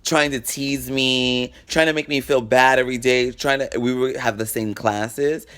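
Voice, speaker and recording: A man's voice: mid-range voice, fairly even intonation, unhurried, a bit bright, clear, resonant tone. A man vlogging a personal story in a frank, profane, dramatic way, acting out what people said. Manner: acts out quoted exchanges. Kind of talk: casual storytelling.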